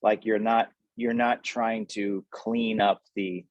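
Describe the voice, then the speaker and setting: A man's voice: on the low side, flat delivery, slow, no room sound, lo-fi sound. Wry New Jersey man, dry sound. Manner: wry, joking, rambling. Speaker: actor, guest. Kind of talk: casual interview.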